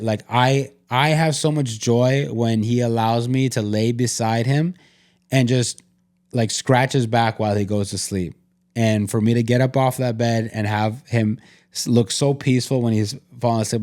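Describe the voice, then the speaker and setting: A podcast co-host speaks at a moderate pace in a mid-range, darkish voice with fairly even intonation. He's earnest and open in this candid conversation, filling his speech with "like" and frequently restarting sentences.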